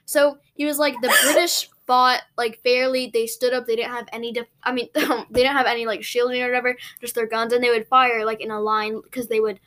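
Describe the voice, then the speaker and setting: A woman's voice: fairly high pitch, level tone, quick pace, few pauses, fairly bright tone. Giggly young woman telling rambling stories. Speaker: podcast co-host. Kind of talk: casual chat.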